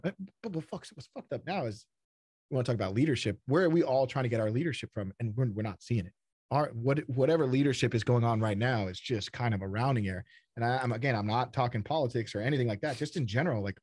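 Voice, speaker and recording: A man's voice: mid-range voice, darkish tone, breathy edge, no echo, studio quality. A man from Texas, a startup founder speaking as a podcast guest, talking bluntly and casually, swearing and repeating words as he goes.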